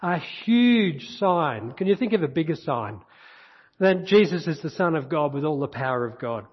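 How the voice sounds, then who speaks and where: A man's voice, slightly high and a touch husky, delivers a sermon with earnest repetition. He sounds as if he is in a church hall with a long echo. The recording is dull and muffled. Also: lively intonation, fairly quick. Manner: earnest preaching, reads scripture aloud, repeats key phrases. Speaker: pastor.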